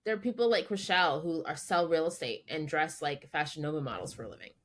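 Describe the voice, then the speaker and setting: Lower-voiced woman podcast co-host. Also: quick pace. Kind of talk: casual chat.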